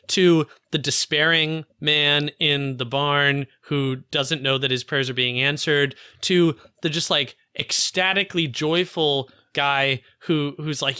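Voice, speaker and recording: A man's voice: on the high side, fairly even intonation, unhurried, sharp tone, smooth, no echo, studio quality. A man co-hosting a podcast, talking about a film in a casual, enthusiastic way with many "like" fillers. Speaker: podcast co-host.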